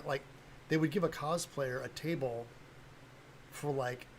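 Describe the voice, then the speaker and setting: A man's voice: medium pitch, measured pace, a little hiss or hum, poor audio. An older man talking casually on a livestream, blunt and rambling, with lots of fillers and restarts. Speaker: livestream host, cosplay prop maker.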